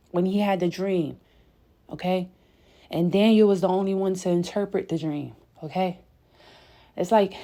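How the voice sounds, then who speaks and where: A woman's voice: on the low side, mellow. A woman giving an impassioned spiritual message, emphatic and preachy, a little breathless as she paces, often turning to her viewers with "y'all" and "okay?". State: breathless from pacing. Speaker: spiritual content creator. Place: indoors at home, late at night.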